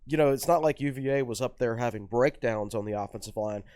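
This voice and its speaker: A man's voice: medium pitch, fast talker, darkish tone, no echo, clean studio sound. A man co-hosting a sports podcast, talking conversationally with frequent fillers and restarts. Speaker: podcast co-host, sports writer. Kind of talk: casual podcast chat.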